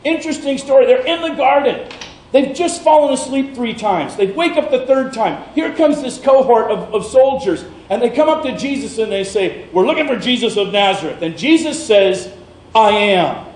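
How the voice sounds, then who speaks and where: Animated high-voiced male pastor preaching. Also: normal speed, echoey room, poor audio. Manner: animated storytelling, playful. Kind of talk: sermon.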